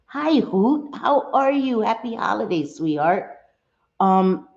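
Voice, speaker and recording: Middle-aged woman hosting a live stream, chatty and expressive, roomy slightly dull sound. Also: mid-range voice, slow. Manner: chatty and expressive, greets viewers by name, swings from sweet to fired up. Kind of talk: casual live chat reading viewer comments.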